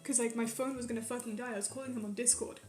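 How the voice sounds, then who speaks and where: A young woman from Quebec telling a story in a casual, animated way, swearing often and filling it with "like". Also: a little high, rapid-fire, roomy sound. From Quebec, Canada. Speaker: streamer. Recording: faint music behind.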